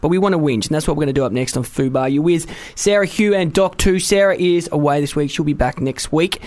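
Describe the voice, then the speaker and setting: A man's voice: fairly high pitch, quick pace, a little mellow. A man with an Australian accent hosting a radio show, breezy and jokey, with casual banter. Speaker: radio host. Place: radio studio.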